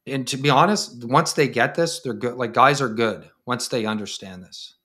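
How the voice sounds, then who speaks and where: A man's voice: mid-range voice, normal speed, sharp tone. A man hosting an interview as a counselor, talking bluntly and straightforwardly and acting out the people he quotes. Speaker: podcast host, counselor. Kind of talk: casual conversational interview.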